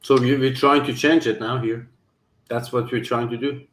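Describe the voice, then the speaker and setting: A man's voice: mid-range voice, steady tone, normal speed, fairly bright tone. Earnest male host in a roomy space. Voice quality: earnest, with frequent restarts and hesitations. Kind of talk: casual talk-show conversation. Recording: roomy echo.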